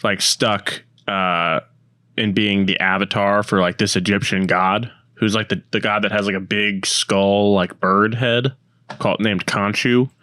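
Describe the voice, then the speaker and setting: A man's voice: on the low side, fairly even intonation, measured pace, sharp tone, no room sound, clean studio sound. A man co-hosting a podcast in casual chat, rambling with many fillers and restarts. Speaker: podcast co-host.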